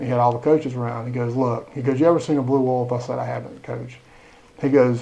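A middle-aged man, a school superintendent telling lively stories in a podcast interview. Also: mid-range voice, a little fast, gravelly, highs cut off. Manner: animated storyteller, acts out quoted dialogue.

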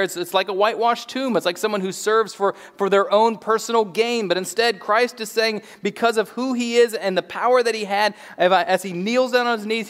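Male pastor, high voice, earnest and halting sermon delivery, reverberant sanctuary. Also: fairly bright tone. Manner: earnest, conversational, often repeats words as he restarts. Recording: long hall reverb.

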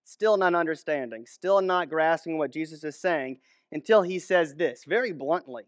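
High-voiced man preaching a casual sermon. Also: moderate pace, no room sound, clean studio sound. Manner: conversational, storytelling, frequent restarts and acted-out quotes.

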